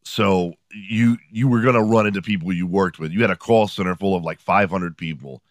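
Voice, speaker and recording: A man in his forties hosts a podcast with rambling, profane comedic stories and a sardonic edge. His voice sits on the low side. The sound is dry and close. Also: fairly quick, no room sound. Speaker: podcast host. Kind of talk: comedic storytelling monologue.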